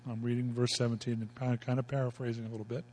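Emphatic folksy preacher in a reverberant hall. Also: male voice, medium pitch, flat delivery, very fast, a little mellow. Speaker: pastor. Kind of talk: sermon.

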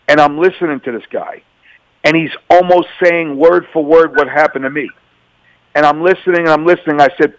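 A middle-aged New Yorker appears as a guest on a radio interview, giving personal testimony and voicing both sides of each conversation as he tells his story. His voice sits in the mid-range, and the audio is poor but has no room sound.

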